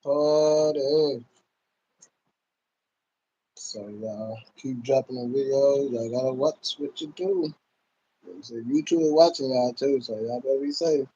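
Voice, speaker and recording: Taking it slowly with long pauses, a livestream host chats casually from home and constantly calls out to his viewers in a laid-back manner. His mid-range voice is dark with a breathy edge. The highs are cut off in the recording.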